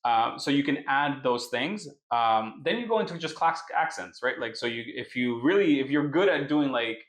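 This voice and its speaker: A man's voice: mid-range voice, expressive, moderate pace, a bit bright, reverberant. A man co-hosting a podcast, explaining in a casual chat and tagging his points with "right?". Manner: explains with many "right?" tags. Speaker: podcast co-host.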